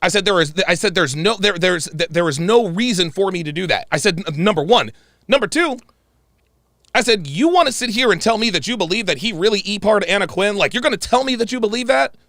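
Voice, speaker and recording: Man, livestream host, gravelly voice, lively emphatic delivery, dry close sound. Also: high-pitched, a little fast, no echo. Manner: animated, emphatic storytelling with repeated phrases. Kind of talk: livestream commentary.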